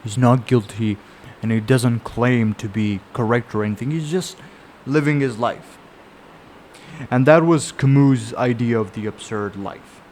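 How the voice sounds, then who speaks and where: A man's voice: medium pitch, unhurried, darkish tone, slight background noise. A man casually summarizing and reflecting on a novel, talking in a loose, rambling way. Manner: rambling, conversational storytelling with frequent fillers and restarts. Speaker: book reviewer. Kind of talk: casual spoken book summary.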